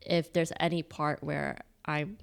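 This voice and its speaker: Low, gravelly young woman chatting. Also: level tone, unhurried. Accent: Californian. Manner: chatty, many fillers. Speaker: podcast co-host. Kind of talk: casual chat.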